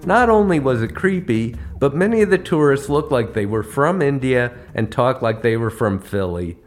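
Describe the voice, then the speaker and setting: A man's voice: medium pitch, animated, moderate pace, faint music behind. A man hosting a podcast, telling comic travel stories with a wry, punchline-driven delivery. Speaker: podcast host. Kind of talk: comedic travel storytelling.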